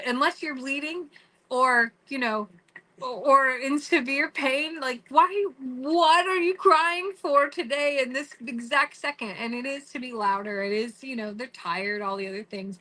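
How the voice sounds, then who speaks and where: A middle-aged woman vlogging in a casual, rambling way. Her voice sits high and sounds bright and clear, and she keeps stopping to restart a thought or quote what someone said. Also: poor audio. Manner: chatty, many "like"s and restarts, quotes others. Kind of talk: casual storytelling to camera.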